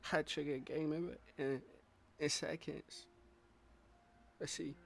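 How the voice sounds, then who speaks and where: A man streaming live, giving casual, slangy reaction commentary that repeats short phrases and breaks into loud bursts of surprise. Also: a little high, fairly even intonation, takes it slowly, vocal fry, a little hiss or hum.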